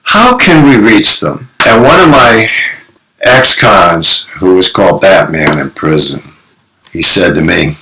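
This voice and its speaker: A man who is a psychologist and author, a podcast guest telling his stories in an animated way and acting out the quotes. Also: fairly low pitch, slow, poor audio. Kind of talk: storytelling interview.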